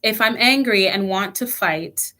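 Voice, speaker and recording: A woman's voice: mid-range voice, a little slow, pushed and bright. A young woman leading a children's church lesson online, telling a personal story earnestly with frequent restarts.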